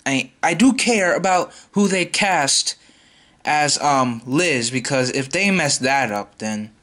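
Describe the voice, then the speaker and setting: A man's voice: a little high, animated, slow, sharp tone. A man ranting in a vlog, exasperated and repeating himself as he vows to boycott a movie. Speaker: YouTuber.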